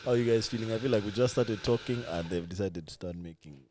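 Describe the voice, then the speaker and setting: Deep-voiced laid-back podcast host. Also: male voice, quick pace, noisy background. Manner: laid-back, laughs often, says "bro". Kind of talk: casual chat.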